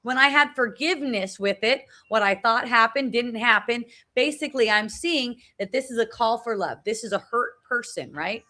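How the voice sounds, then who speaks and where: Earnest middle-aged woman, bright voice. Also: on the high side, moderate pace, few pauses. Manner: earnest, repeats phrases, frequent tag "right?". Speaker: spiritual talk host. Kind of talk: casual personal sharing on a live video. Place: outdoors at a beach. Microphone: phone live video.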